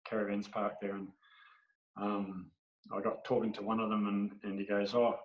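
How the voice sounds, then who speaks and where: A man with an Australian accent, a podcast guest telling rambling, animated anecdotes in casual storytelling. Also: lowish voice, moderate pace. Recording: dull, echoey room recording.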